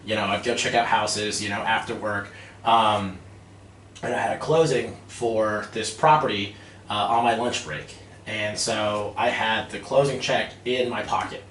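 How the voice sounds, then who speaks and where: A man's voice: lowish voice, unhurried. Guy in his 30s rambling thru a story, laughs a lot, lotsa um and like, kinda far from the mic w faint hiss. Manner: animated, laughing, lots of fillers. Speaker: guest, real estate developer. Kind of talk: casual storytelling. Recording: echoey room, distant mic, faint noise.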